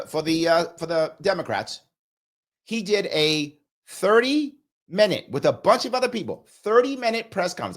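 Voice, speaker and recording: A man hosting a political commentary livestream, emphatic and repetitive, reading out viewer super chats while getting over a cold. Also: high-pitched. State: recovering from a cold, coughing.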